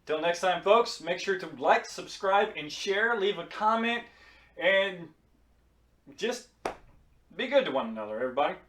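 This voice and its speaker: A man's voice: sits high, animated, normal speed, long pauses, fairly bright tone. A man vlogger telling a story casually, rambling and swearing freely. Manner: profane, rambling. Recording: roomy echo.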